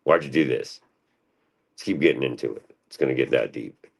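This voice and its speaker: A man talking in a rambling, profane monologue on his own stream, restless and jumping between thoughts. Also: a little fast. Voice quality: gravelly, very deep.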